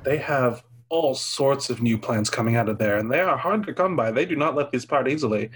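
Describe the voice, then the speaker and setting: A man's voice: mid-range voice, brisk, slight background noise, lightly acted. A man voicing a laid-back young man with a laptop, who talks casually and offhandedly. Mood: easygoing.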